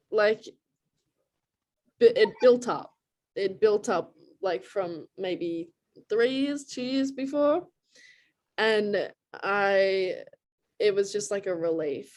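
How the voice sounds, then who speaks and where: A woman's voice: medium pitch, darkish tone. A young woman with an Australian accent talks over a video call. Her speech is chatty and loose, with lots of "like" fillers and frequent laughs. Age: young adult. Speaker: interview guest, college lacrosse player. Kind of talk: casual video call interview.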